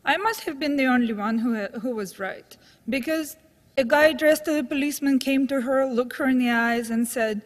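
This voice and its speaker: A woman with a high voice tells wry, anecdotal true stories to a live audience. Her voice carries a long reverb from the hall she performs in. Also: normal speed. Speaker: storyteller. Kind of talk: live true-story telling. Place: stage in a hall.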